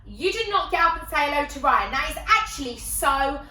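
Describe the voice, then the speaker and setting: Woman doing her friend: young, indignant and lecturing, bright and lively. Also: sits high, fairly quick, roomy sound, far from the mic, pitched above the performer's own voice, low-quality recording.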